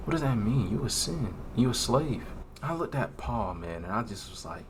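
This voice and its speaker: Young male faith vlogger, low voice, earnest and halting, faint hiss in the background. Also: sing-song. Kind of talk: confessional vlog talk.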